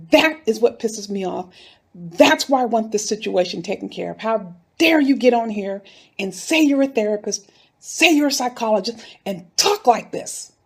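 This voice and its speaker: A woman's voice: a little high, creaky, husky. A woman giving a heated, indignant commentary, talking straight to her viewers. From North Philadelphia. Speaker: YouTube commentator. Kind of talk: casual commentary video.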